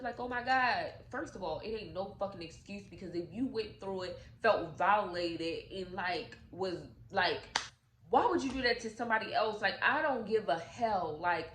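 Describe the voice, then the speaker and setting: A woman casually retelling a movie's plot to her viewers, talking in AAVE with animated, profane asides. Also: medium pitch, echoey room, a little hiss or hum, poor audio. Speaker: YouTube storyteller.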